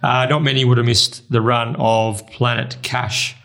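An Australian man co-hosting a racing podcast, running through race form briskly. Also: medium pitch, flat delivery, creaky, bright, forceful tone. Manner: brisk, runs through form in quick bursts. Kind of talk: casual race preview chat.

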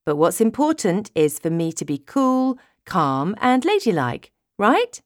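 A woman narrating a romantic comedy audiobook in the first person, expressive and storytelling. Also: medium pitch, a little slow, no room sound, studio quality.

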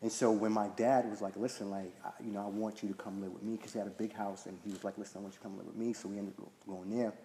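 A man's voice: lowish voice, little pitch movement, quick pace, hardly any pauses, warm tone. A man telling a personal story at a recovery meeting in a casual, chatty way, often asking "right?" and filling with "like". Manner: conversational, frequent "right?" and "like" fillers. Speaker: speaker sharing at a recovery meeting. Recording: echoey hall with faint noise.

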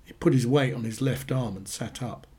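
A man reading short stories aloud in a dry, deadpan way. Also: medium pitch, moderate pace, breathy edge. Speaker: narrator.

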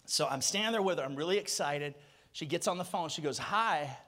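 A man's voice: on the high side, fast talker. A man in his thirties preaching a sermon, telling a story and acting out the voices of the people in it. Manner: animated storyteller, acts out voices.

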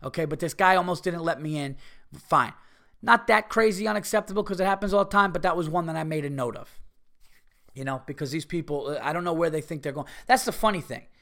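A man's voice: fairly high pitch, fast talker, pushed and bright. A man hosting a solo comedy podcast, ranting with heavy profanity about things that annoy him. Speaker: podcast host. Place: home.

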